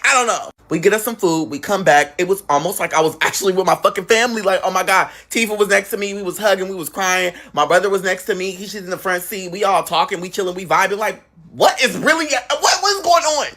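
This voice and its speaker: Animated man telling a story, bright voice. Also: quick pace, hardly any pauses. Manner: animated, acts out quoted relatives with big pitch jumps. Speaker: guest storyteller. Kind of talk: casual storytime.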